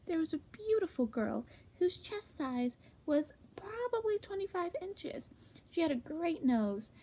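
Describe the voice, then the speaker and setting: A woman reads comedic fanfic aloud in a hushed, half-whispered voice. Her voice is high but gravelly, with a dark, mellow tone. She jumps suddenly in pitch between stretches of low murmuring. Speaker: fanfic reader.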